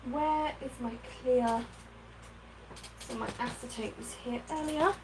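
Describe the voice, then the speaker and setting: A woman's voice: a little high, a little slow, noisy background. A woman hosting a casual craft livestream from her home craft room, chatting, thinking aloud and thanking viewers by name. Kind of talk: casual live-stream chat while crafting.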